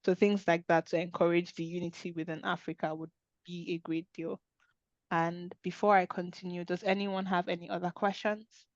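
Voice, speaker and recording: A woman's voice: fairly low pitch, level tone, moderate pace, no echo, highs cut off. A woman hosting an online webinar discussion, talking in an earnest, conversational way over a video call. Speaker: webinar host.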